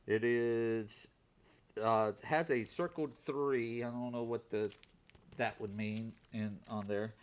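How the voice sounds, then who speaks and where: A man's voice: medium pitch, steady tone, takes it slowly. A man casually talking through his week's comic purchases, with many fillers and repeated words as he goes. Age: adult working overnight shifts. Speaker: comic book vlogger. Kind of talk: casual unscripted show-and-tell.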